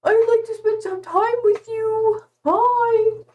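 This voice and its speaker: Shy awkward pet boy, squeaky and eager, a girl streamer doing the voice. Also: steady tone, slow, highs cut off. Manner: high, meek and eager. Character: shy awkward male pet, timid and sweet.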